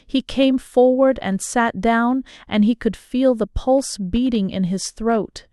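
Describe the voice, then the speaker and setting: A woman narrating a novel as an audiobook, in measured, unhurried storytelling. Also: fairly high pitch, warm tone, no echo, studio quality.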